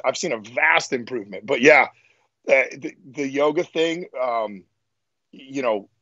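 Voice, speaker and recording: Animated, profane man on a dull-sounding podcast. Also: medium pitch, husky, no room sound. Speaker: strongman guest. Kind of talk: casual podcast chat.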